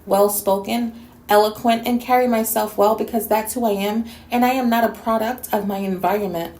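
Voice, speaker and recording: A woman's voice: mid-range voice, fairly even intonation, moderate pace, a little mellow. Sassy, scolding woman in an echoey room. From New York City. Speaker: YouTube reactor and host. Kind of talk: response video rant.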